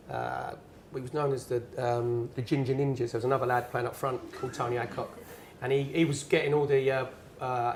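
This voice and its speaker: A former footballer in his forties, appearing as a guest, tells stories in conversation with earnest emphasis and frequent restarts. His voice is mid-range, with slight background noise.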